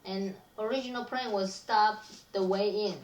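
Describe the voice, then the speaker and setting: A woman playing a tabletop game who answers briefly and hesitantly. Her voice is average in pitch and echoes in the room. She sits away from the mic, with faint background noise. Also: fairly even intonation, moderate pace, darkish tone, far from the mic, highs cut off. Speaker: player.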